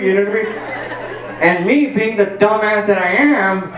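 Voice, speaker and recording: Male stand-up from El Paso, profane and animated, slightly higher register, roomy sound with faint background hiss. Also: a little fast, lo-fi sound. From El Paso, Texas. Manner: animated and profane, peppered with "like" and "dude". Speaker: stand-up comedian. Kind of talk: stand-up storytelling. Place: packed garage show. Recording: roomy sound from a distant mic.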